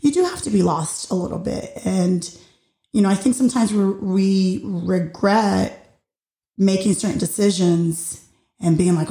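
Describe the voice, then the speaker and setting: A woman's voice: mid-range voice, unhurried, mellow, reverberant. A woman hosting her own show, musing thoughtfully and a little hesitantly in a casual monologue. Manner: thoughtful, hesitant, with many fillers and restarts. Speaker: podcast host.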